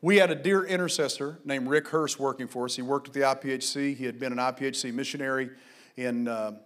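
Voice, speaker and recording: A man preaching a sermon as pastor, fervent and exhorting, at times shouting and at times telling stories quietly. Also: mid-range voice, steady tone, fast.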